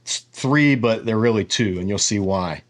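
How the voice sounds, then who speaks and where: A man giving a relaxed lesson, explaining each letter while thinking aloud. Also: on the low side, moderate pace. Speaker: teacher. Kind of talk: casual whiteboard lesson.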